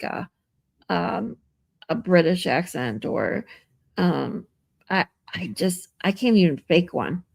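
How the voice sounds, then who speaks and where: A woman's voice: lowish voice, vocal fry, no echo, studio quality. A woman live streamer chatting casually with her viewers, reading out and answering their comments and laughing often, from a hotel room.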